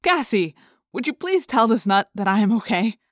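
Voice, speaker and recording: A possessed teen boy, pleading and insistent, lifted a little in pitch, as a woman reader puts him on. The recording is dry and close. He pushes hard to sound normal. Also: big pitch swings, moderate pace, no room sound. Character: teen boy possessed by a parasite, faking innocence. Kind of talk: audiobook character reading.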